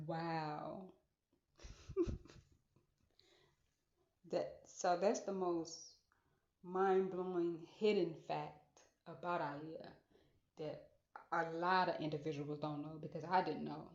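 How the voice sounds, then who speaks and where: A woman's voice: fairly low pitch, steady tone, takes it slowly, pauses often, darkish tone. A woman hosting a casual solo podcast monologue, musing aloud and repeating phrases for emphasis. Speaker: podcast host. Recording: echoey room, dull lo-fi sound.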